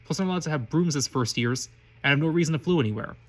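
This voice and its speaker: A smug, contemptuous eleven-year-old boy from a fan story, read by a man in his everyday voice. He rattles along quickly, with slips and restarts. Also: a little high, lively intonation. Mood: scornful. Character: arrogant pure-blood boy of eleven, contemptuous. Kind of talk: reading fan fiction aloud.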